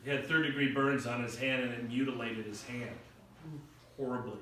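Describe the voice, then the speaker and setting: Bright-voiced preacher in an echoey hall. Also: male voice, medium pitch, steady tone, normal speed, a little hiss or hum. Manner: storytelling with acted quotes and rising emphasis. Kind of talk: sermon. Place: church hall. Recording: echoey room picked up from far off.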